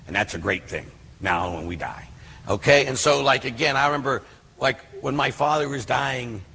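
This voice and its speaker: A man's voice: mid-range voice, gravelly, a bit bright, breathy edge. An older man, a priest, teaching about prayer in an earnest, conversational way, full of fillers and digressions. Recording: hall reverb.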